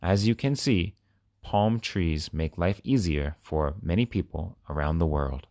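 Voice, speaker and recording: A man reading short children's stories and simple facts aloud with clear, expressive delivery. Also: sits low, unhurried, dry recording, clean studio sound. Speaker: reader.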